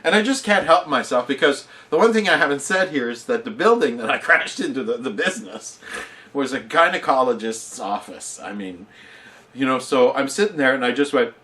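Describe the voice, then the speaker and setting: A man's voice: medium pitch, a little fast. A man vlogging, telling a rambling personal anecdote in a casual, self-mocking way and often chuckling at himself. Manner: animated, rambling storyteller who laughs at himself.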